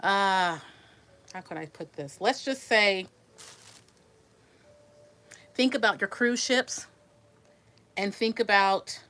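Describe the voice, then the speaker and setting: A woman's voice: medium pitch, a bit bright. A woman in her sixties telling a personal story to her viewers in a chatty, rambling way, restarting words and answering comments while resting after surgery. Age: 60s. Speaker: vlogger.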